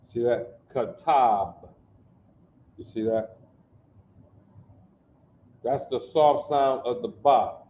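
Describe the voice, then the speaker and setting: A man teaching a language class at a slow, patient pace, repeating sounds and often asking his students whether they follow. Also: mid-range voice, fairly even intonation, slight background noise. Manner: slow, repetitive, checks understanding often. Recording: echoey room, dull lo-fi sound.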